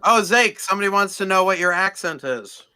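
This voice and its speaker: A man's voice: high-pitched, expressive, brisk, sharp tone, smooth. A man co-hosting a game stream, chatting in an easygoing, agreeable way. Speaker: co-host. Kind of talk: casual gaming chat.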